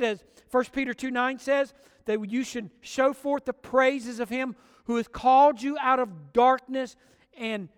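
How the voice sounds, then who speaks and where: High-voiced preacher in a reverberant church. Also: male voice, fairly bright tone. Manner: fervent preaching, slows and swells on key phrases. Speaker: pastor. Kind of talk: sermon. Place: church sanctuary.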